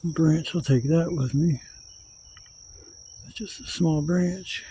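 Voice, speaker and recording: A man's voice: a little high, slow pace, warm tone, slight background noise. A man vlogging while camping in the woods, talking casually and swearing a lot as he gathers wood. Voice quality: profane, rambling, Southern-style speech. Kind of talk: casual outdoor vlog. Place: outdoors in woods. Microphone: camera mic, handheld gimbal.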